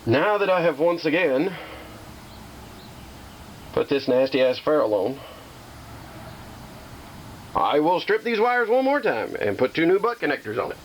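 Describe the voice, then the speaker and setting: A man vlogging while restoring a slot machine, chatty and self-deprecating, talking to viewers and repeating calming phrases to keep himself from getting mad. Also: a little high, measured pace, pauses often, slight background noise, low-quality recording. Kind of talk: casual workshop vlog.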